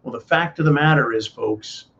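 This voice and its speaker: A man from the United States hosting a political commentary show, ranting in an indignant, sarcastic way and keeping up a steady address to his listeners as folks. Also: mid-range voice, moderate pace, gravelly, slight background noise. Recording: dull lo-fi audio.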